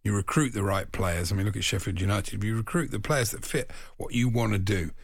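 A man's voice: lowish voice, brisk, gravelly, breathy edge, no echo, clean studio sound. A man co-hosting a casual radio show, joking and laughing often with his co-host. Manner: jokey, laughs often, puts on voices.

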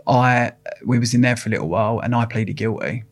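A man's voice: medium pitch, fast talker. A middle-aged man with an Essex accent, telling his story bluntly in an interview, swearing casually and restarting his sentences. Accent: Essex English. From England. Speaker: interview guest.

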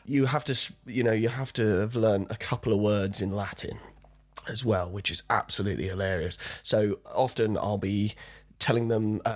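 A man's voice: on the low side, moderate pace. Chatty man, laughing storyteller. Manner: chatty, laughs often while telling stories. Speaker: guest actor. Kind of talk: casual chat.

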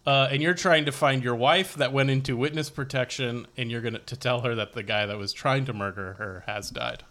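Bright-voiced deadpan male co-host. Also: mid-range voice, fairly quick. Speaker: podcast co-host. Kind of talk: casual podcast banter.

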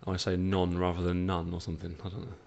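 A man with a northern English accent softened by the south, chatting as a podcast guest, relaxed and blunt. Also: sits low, quick pace, creaky, muffled recording. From northern England. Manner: relaxed, blunt opinions with a laugh. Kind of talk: casual chat.

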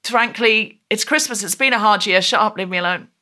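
A woman's voice: mid-range voice, brisk, sharp tone. A woman hosting a comedic podcast over a video call, playful and theatrical, with mock indignation. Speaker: podcast host. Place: home, recorded remotely over Zoom.

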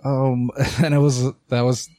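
A young man co-hosting a podcast, telling an animated story in casual chat and swearing a lot. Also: mid-range voice, unhurried, no room sound. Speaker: podcast co-host.

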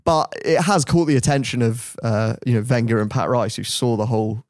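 A man's voice: mid-range voice, a little fast, darkish tone, no room sound, clean studio sound. A man, hosting a podcast and telling an anecdote casually and animatedly, often laughing. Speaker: podcast host. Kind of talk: casual storytelling.

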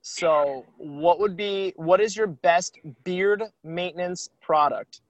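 A man's voice: high-pitched, takes it slowly, dry recording. Teasing man hosting over lo-fi audio. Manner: teasing, upbeat, sprinkles in "like". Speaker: podcast host. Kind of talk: casual chat.

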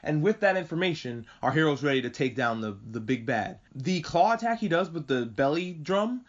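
A man chatting casually and excitedly as a podcast host reviewing an anime, swearing freely and rambling. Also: fairly high pitch, normal speed. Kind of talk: casual chat. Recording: muffled lo-fi audio.

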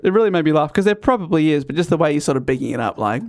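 A man's voice: a little high, expressive, racing, a little mellow. A man co-hosting a casual book chat, often laughing as he retells the plot. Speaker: book podcast co-host.

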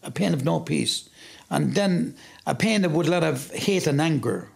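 An Irish man telling his life story in an interview, animated when he acts out what he said back then. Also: fairly high pitch, moderate pace, background noise. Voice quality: gravelly and husky. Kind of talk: personal testimony.

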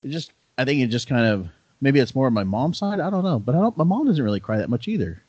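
A man in a casual podcast chat, telling stories in a relaxed, laid-back way. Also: medium pitch, quick pace, slightly rough, dry recording. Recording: slightly dull, dry sound.

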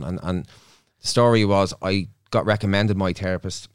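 Deep-voiced man, reflective. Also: moderate pace, smooth, no echo, clean studio sound. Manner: reflective, storytelling, often quotes himself. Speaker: therapist and podcast guest. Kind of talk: casual studio podcast chat. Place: podcast studio.

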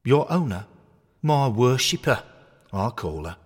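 A man's voice: medium pitch, sing-song, a little slow, husky, in a large hall, voice pushed up. A man voicing a deluded, boastful male knitted footballer doll who sounds fully self-assured.

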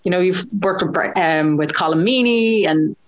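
A woman's voice: fairly low pitch, moderate pace. A woman interviewing an actor in a chatty, enthusiastic way. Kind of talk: casual interview questions. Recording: dull lo-fi sound.

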